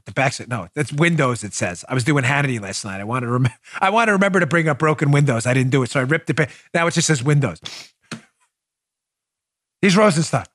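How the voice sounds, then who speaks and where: A man's voice: medium pitch, quick pace, no room sound. A man hosting a political talk show, mocking his targets with sarcasm and acted-out scenes. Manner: sarcastic, animated, acts out scenes.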